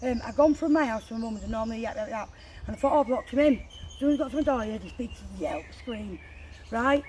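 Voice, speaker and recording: A woman with a high voice tells a story outdoors, swearing freely and speaking with heat. She is on a walk, with faint outdoor noise behind her. The chat is casual. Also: lively intonation, quick pace, dark tone, low-quality recording. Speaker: walking companion.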